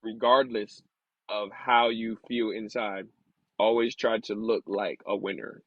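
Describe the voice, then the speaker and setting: A man reading aloud slowly, sounding out hard words, then talking candidly and casually about his past. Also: on the low side, steady tone, no room sound, phone-quality sound. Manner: slow halting sounding-out of words, then candid rambling asides. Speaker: vlogger learning to read.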